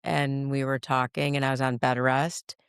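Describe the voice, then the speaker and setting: A woman's voice: extremely low pitch, little pitch movement, moderate pace, clean tone, no echo, clean studio sound. A middle-aged woman telling a family story in casual chat, rambling with restarts and frequent laughs. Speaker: guest, mother of the host. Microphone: podcast mic.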